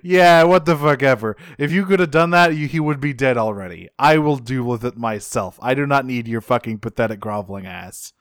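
Man doing a sneering giant robot deity, profane and dismissive, clear dry mic. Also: mid-range voice, fairly quick, hardly any pauses, no room sound, lightly acted. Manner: profane, contemptuous, raised voice. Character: furious arrogant giant planet-god robot, male. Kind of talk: mocking paraphrase in casual chat.

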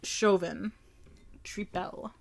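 A woman's voice: medium pitch, very slow, gravelly. A young woman, co-hosting a beer tasting in blunt, profane, laughing chat. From Canada. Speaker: co-host of a beer tasting show. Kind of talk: casual chat.

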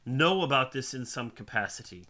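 A man's voice: medium pitch, animated, pushed and bright. A man co-hosting a podcast, chatting casually about a TV series in a thoughtful way with many ums. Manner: thoughtful, with many ums and some quick bursts. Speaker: podcast co-host.

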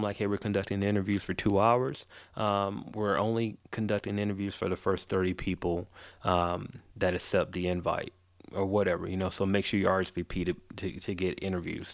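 Podcast host, male, lowish voice, dry close sound, relaxed advice-giving with lots of ums. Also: no room sound. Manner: loose and conversational, many ums and restarts. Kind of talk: casual advice talk.

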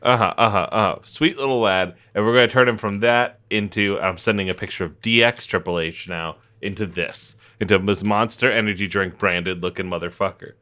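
A man co-hosting a comedy podcast in casual chat, profane and quick to laugh as he tells a story. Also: on the low side, sharp tone. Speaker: podcast co-host.

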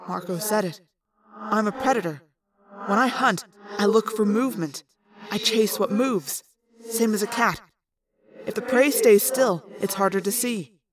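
A woman reading an audiobook, voicing a quiet teenage boy with a hawk's instincts who explains things plainly. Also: medium pitch, measured pace, long pauses, a crowd in the background, close to an everyday voice. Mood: explaining. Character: quiet teenage boy, hawk-like, matter-of-fact.

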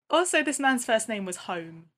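A woman co-hosting a casual chat, giggling often and filling pauses with ums. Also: a little high, fairly bright tone. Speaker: podcast co-host.

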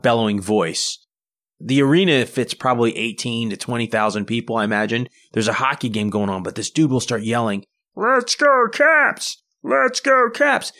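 A man hosting a podcast by himself, telling rambling, casual stories about his own life. He often stops partway through a sentence and starts over, at an average pitch for a man. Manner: rambling anecdotal storytelling with frequent restarts. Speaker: podcast host. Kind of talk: casual solo monologue.

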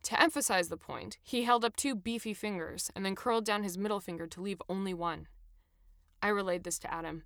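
A woman reading her own first-person travel memoir with expressive, animated storytelling. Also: mid-range voice, a little fast, no echo, studio quality. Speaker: narrator.

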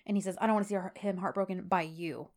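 A woman's voice: fairly low pitch, steady tone, fast, darkish tone. A woman co-hosting a podcast, recapping a TV episode in casual chat, telling it with emotive exasperation and lots of fillers. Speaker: podcast co-host.

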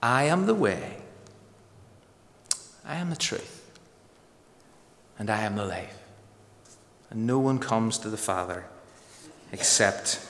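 A man preaching a sermon with emphatic delivery, slowing to drawn-out phrases for stress. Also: on the low side, lively intonation, a bit bright, in a large hall. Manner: emphatic, varied pace with slow dramatic pauses.

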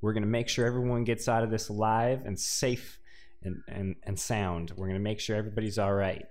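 A man's voice: on the low side, level tone, brisk, a little mellow, voice pushed down, close to an everyday voice. A man voicing a folksy priest with a put-on Texan accent, drawling and reassuring. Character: folksy middle-aged male priest.

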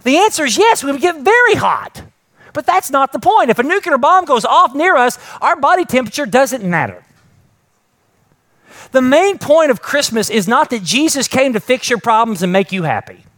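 A man's voice: extremely high pitch, very animated, moderate pace. A middle-aged man preaching a sermon in a conversational way, asking rhetorical questions and building to emphatic points. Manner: rising emphatic peaks then soft prayerful close. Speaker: pastor. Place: church with live congregation and online stream.

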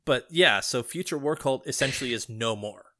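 A man on a gaming podcast, reading a story aloud in slow, hushed tones, then chatting loudly and excitedly with his co-host. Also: mid-range voice. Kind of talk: measured story reading, then casual chat.

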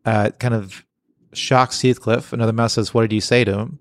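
A man's voice: lowish voice, fairly even intonation, normal speed. A man co-hosting a casual podcast, reading comic strips aloud and laughing often. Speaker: podcast co-host. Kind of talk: casual chat.

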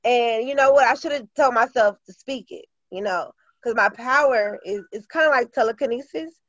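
Earnest woman teacher, slightly high voice. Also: moderate pace, fairly bright tone, dry recording, muffled recording. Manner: earnest, many fillers and restarts. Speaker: teacher and author. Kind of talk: casual interview talk.

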